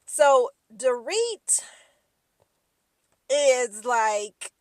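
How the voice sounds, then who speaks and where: A woman's voice: sits high, sing-song, extremely slow, darkish tone, no echo. A woman giving a casual, slangy recap of reality TV gossip, acting out the quotes in shifting voices.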